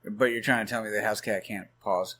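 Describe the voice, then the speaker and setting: A man's voice: on the low side, steady tone, a little fast, fairly bright tone, a little hiss or hum. A young man co-hosting a podcast, joking with friends in a laid-back, swearing, dude-heavy way. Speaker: podcast co-host. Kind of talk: casual banter among friends.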